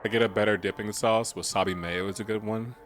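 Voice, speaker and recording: A man's voice: on the low side, steady tone, quick pace, fairly bright tone, soft background music. A man casually commenting while streaming a video game, joking and laughing often. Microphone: desk mic with webcam.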